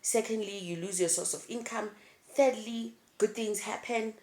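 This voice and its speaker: A young woman, chatting candidly to her camera as a vlogger, swinging between laughter and low, emotional tones. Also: moderate pace, darkish tone. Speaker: YouTube vlogger. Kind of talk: casual chat to camera.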